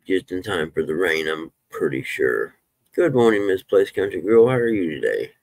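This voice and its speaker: Deep-voiced man chatting on a live stream. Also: very animated, moderate pace, creaky, darkish tone, dry recording. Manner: folksy, swears when fired up. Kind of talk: casual live-stream chat.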